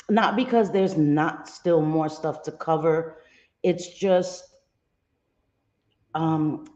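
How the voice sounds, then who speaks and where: A low, mellow-voiced woman hosts a casual livestream, stopping to greet viewers by name as she talks things through with plenty of ums. Her voice comes through a dull, lo-fi line in a roomy space. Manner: earnest, candid commentary. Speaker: livestream host.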